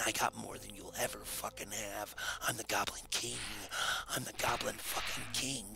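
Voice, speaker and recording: A man's voice: lowish voice, fairly even intonation, normal speed, creaky, pushed and bright, faint music behind. A man playing a video game and commenting as he goes, taunting and cursing at his opponents, often in a muttered half-whisper. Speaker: gamer. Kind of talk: gameplay commentary.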